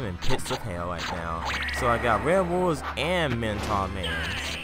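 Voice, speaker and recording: A man giving casual, animated commentary on his gameplay, joking and trash-talking the enemies. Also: mid-range voice. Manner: animated, trash-talks enemies, jokey asides. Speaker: let's play commentator.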